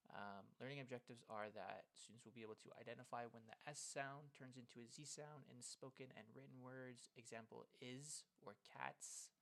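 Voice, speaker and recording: A man's voice: mid-range voice, steady tone, moderate pace, creaky, hardly any pauses, fairly bright tone. A man presenting a phonics lesson plan in a casual, explanatory way, with frequent ums, over a screen recording.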